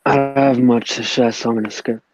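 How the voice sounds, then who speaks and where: A man's voice: mid-range voice, fairly even intonation, fairly quick, darkish tone, no room sound, soft background music. A man on a group video call talking in a laid-back, offhand way. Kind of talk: casual brief chat. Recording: dull, dry lo-fi call audio.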